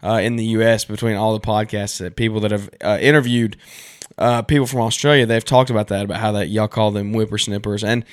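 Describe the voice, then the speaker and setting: A man with a Southern American accent hosts a podcast in a chatty, enthusiastic way. His voice sits at an ordinary middle pitch. The sound is dry and close, with no room echo. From southern United States. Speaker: podcast host. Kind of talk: casual interview chat.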